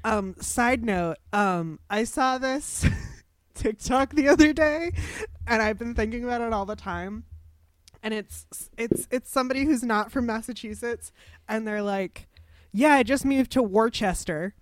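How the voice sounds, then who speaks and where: A woman's voice: fairly high pitch, unhurried, no echo. A woman chatting casually, laughing often as she tells a story. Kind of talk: casual chat.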